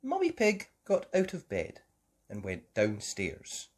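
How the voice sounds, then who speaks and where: A woman reading a children's storybook aloud, very expressive. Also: deep voice. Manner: very expressive, slow, lilting. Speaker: story reader.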